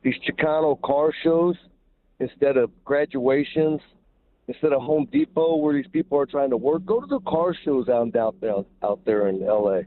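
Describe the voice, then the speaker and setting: A man's voice: mid-range voice, animated, normal speed. A man calling in to a radio show, talking bluntly and casually, repeating words as he goes. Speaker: caller. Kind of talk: call-in radio comment. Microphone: telephone. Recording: tinny phone line with faint noise.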